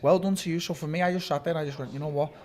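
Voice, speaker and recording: Fast-talking man. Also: fairly high pitch. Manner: rapid, animated storytelling with swearing and restarts. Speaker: interviewee, fighter. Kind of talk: casual sit-down interview.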